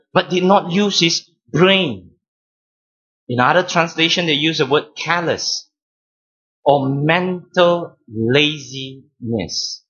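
Slow, bright-voiced preaching man. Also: a little high, slightly rough, muffled recording. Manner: deliberate teaching, stressing key words, repeating phrases. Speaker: pastor. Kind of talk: sermon.

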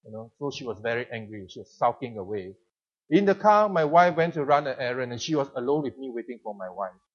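A middle-aged man with a Singaporean English accent, preaching a sermon and telling a personal story with lively rhetorical questions. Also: mid-range voice, fast, lo-fi sound.

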